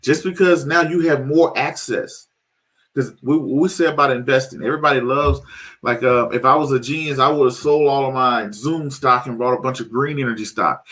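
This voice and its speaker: Man, show host, casual monologue, animated, rhetorical questions, mid pitch. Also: normal speed. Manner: animated, rhetorical questions, acts out quoted voices.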